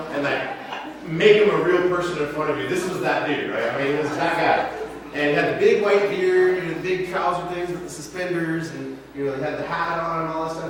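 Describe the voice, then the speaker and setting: A man's voice: mid-range voice, fairly bright tone, slight background noise. A man in his thirties, a pastor telling stories in a casual, chatty sermon full of asides. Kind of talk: conversational sermon storytelling. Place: church sanctuary. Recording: very echoey hall, mic far off.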